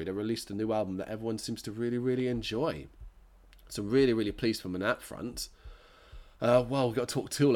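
Man, croaky low voice, rambling podcast host, enthusiastic, corrects himself a lot. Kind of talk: casual podcast monologue.

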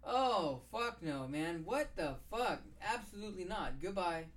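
A man's voice: high voice, lively intonation, a little slow, a bit bright. A middle-aged man co-hosting a podcast who talks bluntly, swears freely and repeats his words. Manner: blunt, profane, repeats himself. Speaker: podcast co-host. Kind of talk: casual chat.

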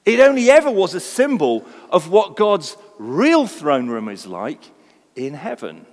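A man preaching a sermon, delivering it expressively and swinging between quiet, low passages and loud, ringing ones. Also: sing-song, measured pace. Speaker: pastor. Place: large church hall. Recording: long hall reverb.

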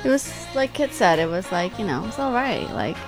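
A woman's voice: medium pitch, very animated, a little fast, music in the background. A woman co-hosting a casual podcast, hesitant and playful, rambling through her points. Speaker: podcast co-host. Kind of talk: casual chat. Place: indoors, home with friends.

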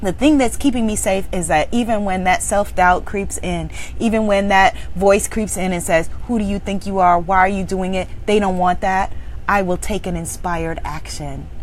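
At a moderate pace and over slight background noise, a woman who coaches spiritual businesses gives a preachy, emphatic pep talk. She shifts from loud exclaiming down to low, intense affirmations.

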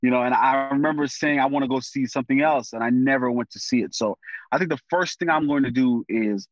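Slangy, animated man on a dry, dull line. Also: mid-range voice, fast, dry recording. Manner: animated, full of street slang like "yo" and "bro"; thinks aloud with fillers and restarts. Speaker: guest. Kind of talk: casual conversation.

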